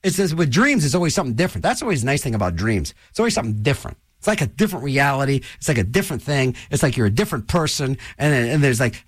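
Rambling, animated older radio DJ. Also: male voice, rapid-fire, few pauses, breathy edge, no room sound, studio quality. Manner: animated, rambling, jokey, restless pitch swings. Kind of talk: rambling radio host chat. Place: radio studio.

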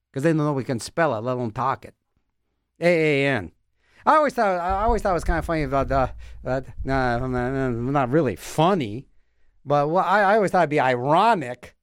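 Goofy rambling high-voiced radio host. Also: male voice, clear, resonant tone, no room sound, clean studio sound. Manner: goofy, self-mocking, repeats words in silly voices. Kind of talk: rambling comedic radio banter.

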